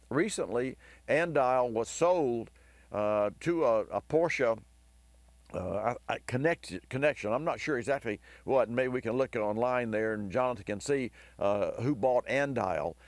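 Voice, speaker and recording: A hoarse man hosting a car advice radio show, telling a long rambling story with enthusiasm. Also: mid-range voice, animated, measured pace, dry recording. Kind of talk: talk radio monologue.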